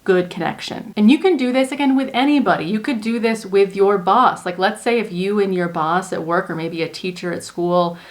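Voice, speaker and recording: A woman's voice: mid-range voice, moderate pace, few pauses. A woman hosting her own video, explaining her coaching ideas to viewers in a casual, earnest monologue full of "like.". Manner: earnest, chatty, many "like" fillers. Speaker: manifestation coach and video host. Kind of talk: casual teaching monologue to camera.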